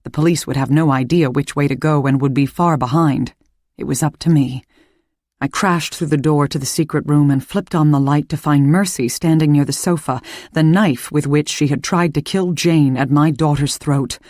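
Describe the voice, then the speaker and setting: A woman reading a first-person suspense audiobook in a measured, calm storytelling voice. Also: low-pitched, no echo, studio quality. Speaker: audiobook narrator.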